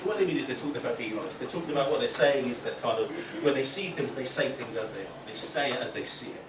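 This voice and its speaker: A young man from the North East of England with a softened Geordie accent, doing a chatty stand-up routine. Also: medium pitch, lively intonation, fast talker, hardly any pauses. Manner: chatty, with tag questions; loud put-on voices for punchlines. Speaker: stand-up comic. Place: club function room. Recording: echoey room, distant, noisy.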